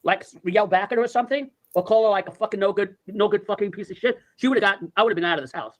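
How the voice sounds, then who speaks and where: A man's voice: sits high, rapid-fire, a bit bright. A man in his sixties telling rambling, profane stories in casual chat, full of "like" and "I go". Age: 60s. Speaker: storyteller. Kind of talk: casual storytelling.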